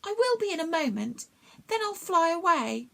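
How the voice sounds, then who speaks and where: A tiny bumblebee speaks in a high, faint, breathless voice, put on by a woman reading a storybook. She is gentle and grateful, and her voice swoops up and down. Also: very animated, moderate pace, creaky, exaggerated voice. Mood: weak, grateful. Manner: soft and breathless. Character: small weak female bumblebee, gentle and grateful.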